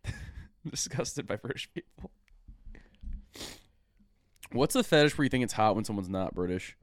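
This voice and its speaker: A man co-hosting a podcast, excitable and exclamatory in crude comedic banter. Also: mid-range voice, a little slow, no room sound. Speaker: podcast co-host.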